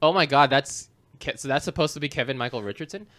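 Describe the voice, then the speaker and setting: A man co-hosting a casual movie podcast, talking loosely, swearing now and then, and slipping into quick character impressions. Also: medium pitch, a bit bright. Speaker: podcast co-host. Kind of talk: casual film review chat.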